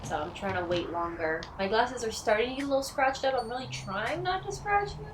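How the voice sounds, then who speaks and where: A woman's voice: a little high, lively intonation, brisk, recorded from a distance, noisy background. A woman chatting casually on a live stream, playful and talkative, cracking jokes and puns.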